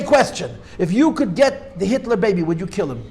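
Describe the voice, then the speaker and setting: Emphatic rabbi, lively high voice. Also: male voice, fairly quick. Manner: emphatic, argues back and forth with students; repeats key points for emphasis. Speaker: rabbi teaching a class. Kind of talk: Torah class lecture.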